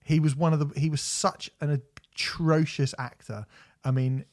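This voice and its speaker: A man co-hosting a podcast, telling animated stories in casual chat, swearing and laughing often. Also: a little high, normal speed. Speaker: podcast co-host.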